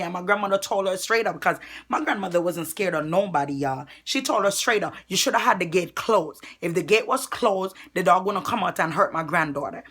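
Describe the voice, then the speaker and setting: A woman from Jamaica, telling a personal story to viewers in a storytime vlog. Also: lowish voice. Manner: animated storytelling, addresses viewers directly. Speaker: vlogger.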